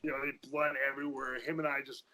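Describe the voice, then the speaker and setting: A former powerlifter guesting on a podcast, talking in a casual, profane rush full of restarts. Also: male voice, medium pitch, level tone, a loud crowd, rough recording. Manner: fast, profane, repeats himself in restarts. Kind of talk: casual chat.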